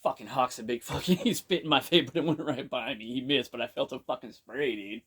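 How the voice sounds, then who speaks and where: This podcast storyteller is a man whose husky, mid-range voice moves a little fast. He casually recounts something from his past, wandering off track, cursing nonstop, and saying "you know" again and again.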